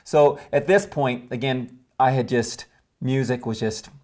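Earnest man telling his story haltingly. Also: mid-range voice, darkish tone. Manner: earnest, halting, with many restarts and "you know". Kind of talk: candid storytelling conversation.

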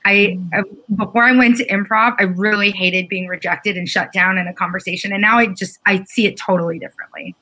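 A woman with a bright, sharp tone reflects earnestly on her own experience. She speaks in an open, conversational way. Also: medium pitch, steady tone, fairly quick, hardly any pauses, rough recording. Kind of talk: casual panel chat.

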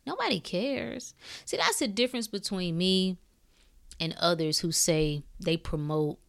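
A woman hosting a podcast, speaking in a blunt, preachy way with swearing and shifting between calm talk and fired-up bursts. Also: lowish voice, measured pace, creaky. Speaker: podcast host. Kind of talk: impassioned spiritual talk.

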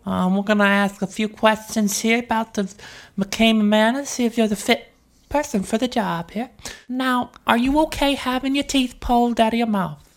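A man putting on a high drawling host. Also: steady tone, normal speed. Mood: mock-formal. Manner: talks on and on, dislikes being interrupted. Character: high-voiced drawling man, haunted-house owner, pushy.

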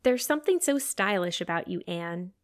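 A woman doing a gentle, admiring teenage girl. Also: on the low side, expressive, moderate pace, natural voice. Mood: fond.

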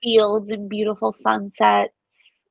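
Gravelly-voiced woman chatting on a podcast. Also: mid-range voice, completely flat delivery, slow pace, dry recording, poor audio. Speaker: podcast co-host. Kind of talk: casual chat.

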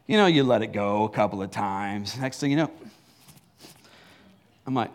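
A man's voice: fairly low pitch, lively intonation, moderate pace, long pauses. A middle-aged man preaching a sermon in a church, telling a story with laughs and acted asides. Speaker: pastor.

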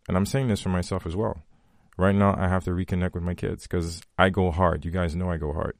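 A man in his thirties with a very low voice hosts a motivational podcast, talking earnestly to his listeners. He repeats key phrases for weight, and the recording is dry and close. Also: flat delivery, a little fast, creaky, no echo. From from a country with long power outages. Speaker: podcast host.

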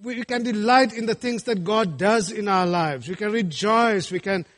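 A man's voice: high voice, moderate pace, a bit bright. A middle-aged male pastor preaching a sermon, emphatic and full of rhetorical questions.

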